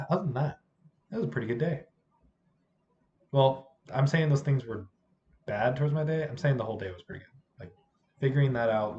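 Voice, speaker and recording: Hoarse, lively-voiced substitute teacher vlogging. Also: medium pitch, lo-fi sound. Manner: animated, acts out what others said. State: hoarse from yelling. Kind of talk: casual storytelling vlog.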